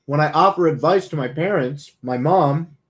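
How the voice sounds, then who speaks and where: A man's voice: a little high, normal speed. A man streaming, talking casually in a blunt, profane, rambling way. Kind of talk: casual talk.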